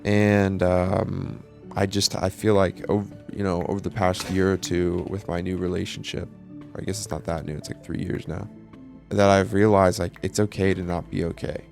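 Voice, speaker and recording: Young male vlogger, deep and creaky, candid casual monologue, faint music bed. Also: little pitch movement, moderate pace, a little mellow. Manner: candid, casual, swears often, many fillers. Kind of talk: personal reflective monologue.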